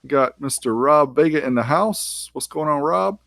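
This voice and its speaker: A man's voice: a little high, normal speed, gravelly, fairly bright tone, no echo, studio quality. A man co-hosting a live-streamed interview, upbeat and welcoming as he keeps the show moving. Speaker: podcast co-host.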